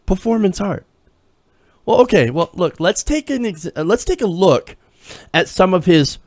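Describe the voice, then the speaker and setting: A man's voice: a little high, a little mellow, no echo. A man hosting a live political talk show, casual and sarcastic, reacting to clips. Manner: sarcastic, loose, laughing at clips. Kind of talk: casual live-stream commentary.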